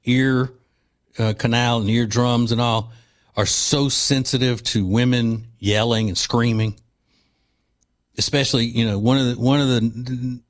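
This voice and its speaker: Mocking male talk radio host. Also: medium pitch. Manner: mocking, combative, scornful asides. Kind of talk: opinionated talk radio monologue.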